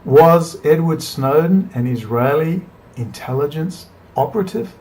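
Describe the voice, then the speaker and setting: A man's voice: fairly high pitch, lively intonation, unhurried, darkish tone, a little hiss or hum. A man giving a combative, profane monologue to camera, firing off rhetorical questions as a political commentator. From Australia.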